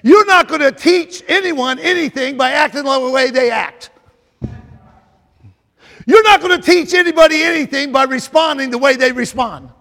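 A male preacher with a strikingly high voice delivers a sermon, circling back on his own phrases and calling out to the congregation. His words ring out with a long echo through a large church hall, and he builds to shouting at the peaks. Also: moderate pace. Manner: repeats phrases and calls out to the congregation; rises to shouting at climaxes. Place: church sanctuary.

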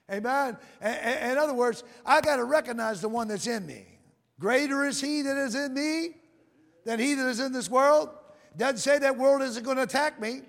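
A man preaching a sermon, calling out to the congregation and reading scripture in a slow, drawn-out cadence. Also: very high-pitched, gravelly, fairly bright tone. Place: church sanctuary. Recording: long reverb of a large hall.

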